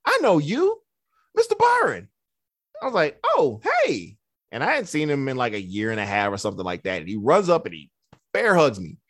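Guy therapist chatting on a podcast, very up and down voice, bumps up high for quotes, dry close sound. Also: dry recording. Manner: relaxed storyteller, acts out quotes in a raised voice. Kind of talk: casual podcast conversation.

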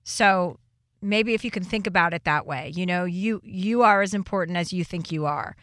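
A woman's voice: lowish voice, normal speed, a bit bright, no echo, studio quality. A young woman hosting a call-in advice show, talking earnestly and encouragingly with frequent restarts. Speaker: show host.

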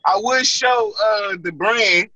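Hyped-up cohost dude, high sharp voice, kinda muffled lo-fi sound. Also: male voice, slow pace. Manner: excitable, loud, laughs a lot. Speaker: podcast co-host. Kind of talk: casual chat.

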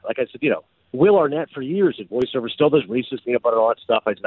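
A man's voice: medium pitch, fast, few pauses, breathy edge, no room sound, narrow, tinny audio. A man, a former sportscaster, telling stories in a casual chat and slipping into an announcer voice now and then. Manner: animated storyteller, slips into announcer voice. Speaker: podcast host and former sportscaster.

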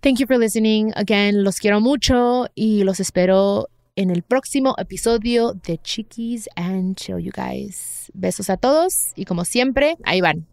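A woman's voice: medium pitch, normal speed, hardly any pauses, a little mellow, dry recording. A woman hosting her own podcast, talking in an earnest, reflective way and slipping in Spanish phrases now and then. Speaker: podcast host. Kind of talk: heartfelt personal podcast talk.

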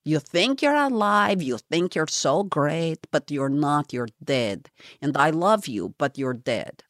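A woman putting on a stern older female mentor with a deliberately bad foreign accent, speaking in an intense, accusing way. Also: deep voice, expressive, no echo, studio quality. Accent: foreign accent, put on badly.

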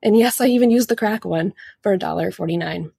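A woman's voice: mid-range voice, brisk, creaky, husky, dry recording, studio quality. Chatty woman telling a story. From United States. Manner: chatty, warm, acts out quoted lines. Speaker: listener sending in a recorded story. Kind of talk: casual storytelling.

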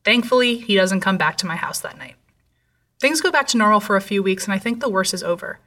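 A woman narrating a true horror story in a measured, somber way. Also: medium pitch, expressive, a bit bright, recorded from a distance.

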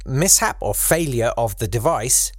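A man co-hosting a podcast, telling a history story in casual chat with lively delivery. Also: a little slow, dry recording, clean studio sound. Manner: animated, breaks into high-pitched silly voices for quoted people. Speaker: podcast co-host.

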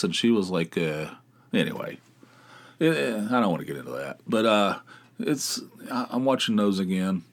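A middle-aged man hosting his own podcast, chatting casually in a rambling, wry way and swearing freely. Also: sits low. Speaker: podcast host. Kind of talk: casual solo podcast chat.

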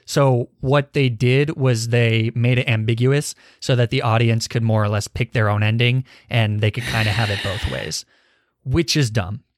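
This podcast host, a young man with a medium-pitched voice at normal speed, leads a casual talk about films and puts questions to his co-hosts. He's frank and swears occasionally; the recording is dry and studio quality.

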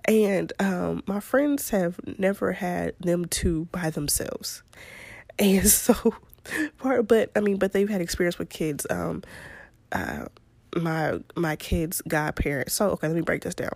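Podcast host, woman in her 30s, casual storyteller, low gravelly voice. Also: animated, a little slow, darkish tone, no room sound. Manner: chatty, laughs often, Southern-style "y'all".

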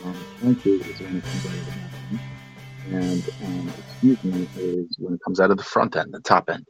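A man on a live podcast stream, trading deadpan jokes with the host in casual chat. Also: sits low, moderate pace, music in the background, low-quality recording. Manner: deadpan, joking. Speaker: guest on the livestream.

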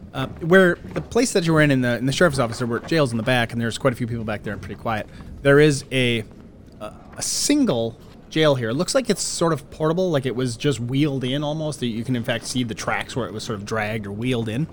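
A man narrating as game master, describing a scene in a relaxed, halting way with many fillers. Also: mid-range voice, a little hiss or hum.

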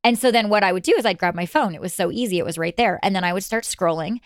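A woman's voice: mid-range voice, fast talker, dry recording, clean studio sound. A woman appearing as a podcast guest in casual chat, upbeat and encouraging, often chiming in to agree.

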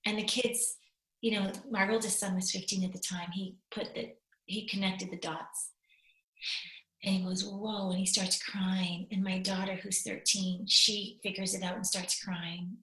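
A woman's voice: medium pitch, a little slow. Candid woman telling a personal story, roomy sound. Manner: candid, animated, voice breaking into tears at times. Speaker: guest. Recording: roomy echo.

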